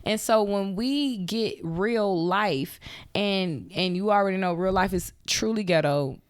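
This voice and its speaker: A woman's voice: a little slow, clear, resonant tone, no echo, clean studio sound. A woman in her thirties, a podcast co-host, telling a story casually and acting out the voices in it. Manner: animated, acts out quoted voices with big pitch jumps. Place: Atlanta.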